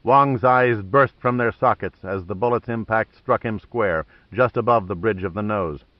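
A man's voice: on the low side, normal speed, dry recording, lo-fi sound. Male thriller audiobook narrator.

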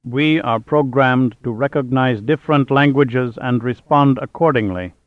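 A man voicing a cold armed security robot in an audiobook, speaking in a hollow, measured way. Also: medium pitch, dry recording, natural voice. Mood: menacing. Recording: tinny phone-like sound.

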